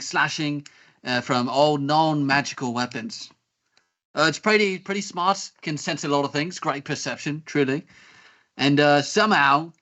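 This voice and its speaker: A man's voice: a little high, sharp tone. Man putting on a chatty Aussie elf shopkeeper. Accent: Australian. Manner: rambling salesman patter. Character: chatty male elf pet shop owner.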